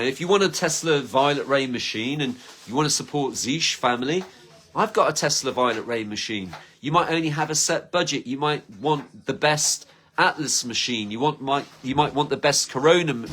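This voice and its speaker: A man talks straight to his viewers in a loose, rambling monologue. He jumps from one idea to the next with eager enthusiasm. His pitch sits in an ordinary middle range, and he often slips into little acted-out conversations. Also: fairly bright tone. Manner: rambling and enthusiastic, acts out imagined quotes. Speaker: channel host.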